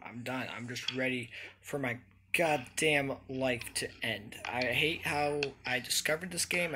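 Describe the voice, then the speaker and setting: A man's voice: mid-range voice, bright, forceful tone, slight background noise. A young man giving frustrated, swearing let's-play commentary from his room, ranting and exasperated. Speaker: gaming YouTuber.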